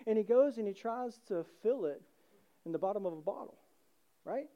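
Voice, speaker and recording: Man, pastor, casual sermon, mellow dark tone, loud to hushed swings. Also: sits high, expressive, normal speed, highs cut off. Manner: conversational preaching, acting out voices, swings from loud to hushed.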